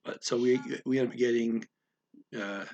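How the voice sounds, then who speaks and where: A man slowly explaining a story word by word as a language teacher, thinking aloud with many pauses. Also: medium pitch, steady tone, a little mellow, muffled recording. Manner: slow, thinking aloud, frequent fillers.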